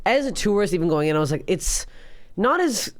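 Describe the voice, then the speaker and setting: A woman hosting a comedy podcast, telling stories in a blunt, profane and animated way. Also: medium pitch, fairly quick. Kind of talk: casual storytelling chat. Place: podcast studio.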